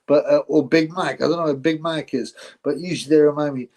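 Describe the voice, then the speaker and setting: A man's voice: fairly high pitch, fairly even intonation, quick pace, a little mellow, poor audio. A man hosting a live boxing stream, chatting casually, rambling, laughing often and thanking his viewers.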